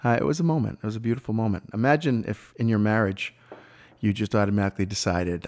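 A man who teaches improv, telling stories about his classes in a casual conversation, his voice swinging up with excitement and trailing off quietly. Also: fairly low pitch, very fast.

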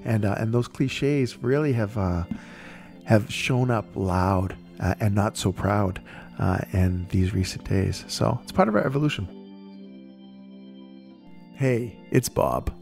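A man's voice: fairly low pitch, lively intonation, unhurried, vocal fry, darkish tone, soft background music. A man hosting a podcast, an improv performer chatting casually with a wry, joking manner. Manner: wry, joking, drifts into anecdotes. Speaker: podcast host. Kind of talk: casual chat.

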